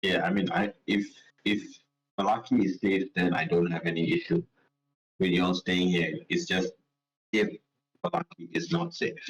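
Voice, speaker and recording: A man's voice: low voice, expressive, moderate pace. A man playing a tabletop game in casual chat, stammering and often restarting his sentences. He sounds distant from the mic. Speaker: player.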